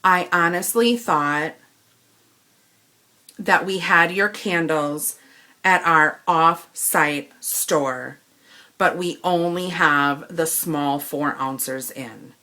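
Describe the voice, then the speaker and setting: A woman tells a long customer-service grievance straight to camera. Her voice is bright and forward. She keeps slipping into the quoted lines, playing herself and the store clerk in turn. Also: low-pitched, extremely slow. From Wisconsin. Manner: animated retelling, acting out both sides of the dialogue. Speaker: vlogger. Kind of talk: ranting story to camera.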